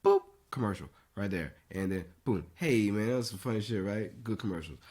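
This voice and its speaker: A man hosting a podcast, telling a story loudly and animatedly, often laughing. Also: fairly low pitch, brisk, breathy edge. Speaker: podcast host. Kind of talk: casual chat.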